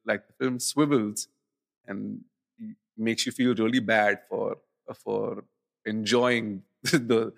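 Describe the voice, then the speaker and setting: A man's voice: on the low side, steady tone, slow pace, creaky. A man co-hosting a podcast, chatting casually about films and rambling through fillers and restarts. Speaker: podcast co-host. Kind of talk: casual film chat.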